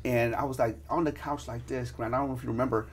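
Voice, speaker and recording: Excitable man full of fillers. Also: mid-range voice, quick pace, breathy edge. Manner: excitable storyteller, heavy "you know" fillers. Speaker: podcast host. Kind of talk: casual interview chat.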